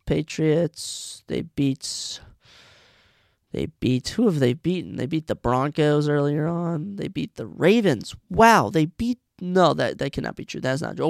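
A man's voice: fairly high pitch, creaky, dry recording, studio quality. A man hosting a casual solo sports podcast, thinking aloud and often stopping to restart and correct himself. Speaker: podcast host.

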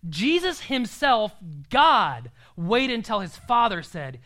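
A man's voice: high-pitched, sing-song, a little slow, few pauses, pushed and bright. A young man preaching a sermon in an earnest, emphatic way, sometimes dropping to a near-whisper.

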